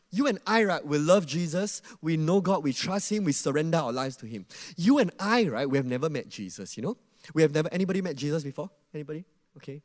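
A man delivers a sermon in a high, lively voice that swoops up and down. He asks the audience questions and acts out quotes. Long reverb from a large hall trails his words. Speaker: preacher.

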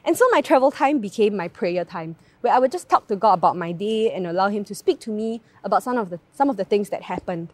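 A young Singaporean woman speaks with a Singaporean English accent, sharing a personal story during a devotional talk. She's chatty and animated, tossing in plenty of tag questions. Her mid-range voice moves quickly, with hardly any pauses.

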